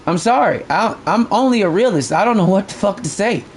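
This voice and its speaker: A man's voice: high voice, expressive, a little fast, slight background noise. A man streaming a fishing game live, ranting bluntly and profanely to his chat and repeating his points.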